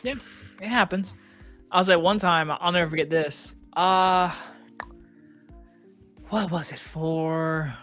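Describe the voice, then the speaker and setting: Casual storyteller, medium pitch, salty language, faint music bed. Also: slow pace, long pauses. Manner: animated storyteller, swears freely, acts out quotes.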